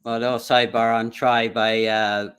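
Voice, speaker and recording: A man's voice: mid-range voice, flat delivery, moderate pace, fairly bright tone, clear, resonant tone. A man hosting a livestream interview, chatting in an easygoing, encouraging way. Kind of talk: casual interview chat.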